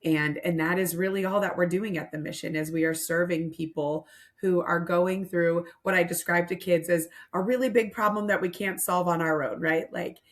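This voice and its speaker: Middle-aged woman, kinda low voice, earnest reflective stories on a podcast. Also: steady tone, moderate pace. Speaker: nonprofit mission leader. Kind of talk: podcast interview.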